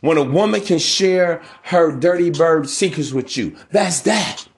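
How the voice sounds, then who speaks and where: A podcast host with a voice on the high side speaks at a measured pace, delivering relationship advice in a casual, profane, preachy monologue. He keeps addressing his listeners as bro.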